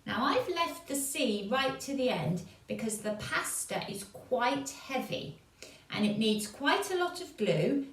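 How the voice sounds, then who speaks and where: An English woman with a gentle, encouraging manner, showing children a craft step by step for a church activity. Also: a little high, very animated, recorded from a distance. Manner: slow, gentle, encouraging, checks in with "okay?". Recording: echoey room, voice off-mic.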